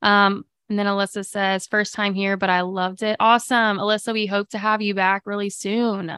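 A woman hosts a live morning stream, chatting upbeat and loose with her viewers, full of fillers. Her voice is smooth and clear. The sound is dry and close to the mic. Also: medium pitch, level tone, normal speed, fairly bright tone, no echo. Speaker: livestream podcast host. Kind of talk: casual live chat with viewers.

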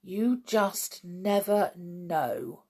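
A woman's voice: fairly low pitch, drawn-out words, warm tone, husky, heavily acted. A woman voicing a cheeky, truthful young boy who keeps a secret.

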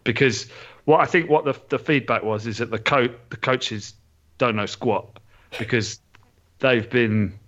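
A man's voice: mid-range voice, measured pace, fairly bright tone. A man talks casually on a podcast, his voice stuffy and nasal. He rambles with frequent restarts, and the recording sounds a little dull. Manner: chatty, self-deprecating, many restarts. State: stuffy and nasal from a sore nose. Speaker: podcast co-host. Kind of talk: casual chat.

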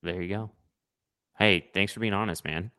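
A man's voice: deep voice, steady tone, moderate pace, pushed and bright, clean tone, no room sound, studio quality. A man co-hosting a movie podcast, leading the ranking and making wry jokes. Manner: wry, joking, moves the list along. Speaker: podcast co-host leading the list. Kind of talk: casual chat.

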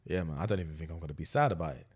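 A man's voice: deep voice, very fast, husky. A young man telling a story in casual podcast chat, acting out quotes and swearing freely. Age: young adult. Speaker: podcast co-host.

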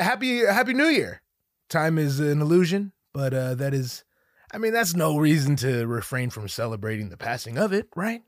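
A man's voice: medium pitch, no room sound. A man in his thirties hosting a solo podcast, rambling and joking with lots of profanity and self-mockery, recorded on a studio microphone at home. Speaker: podcast host. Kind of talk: solo casual podcast monologue. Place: home room with a dog nearby.

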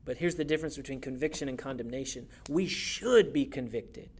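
A young man preaching a sermon in a church, conversational and animated, acting out quotes as he goes. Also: mid-range voice, fairly quick. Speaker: youth pastor.

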